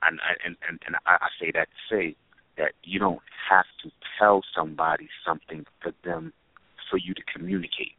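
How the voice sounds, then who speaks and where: A man's voice: deep voice, very animated, brisk, creaky, no echo. A man co-hosting a casual talk show, joking and boasting in crude banter. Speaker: co-host. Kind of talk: casual chat. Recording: dry, tinny phone-like sound.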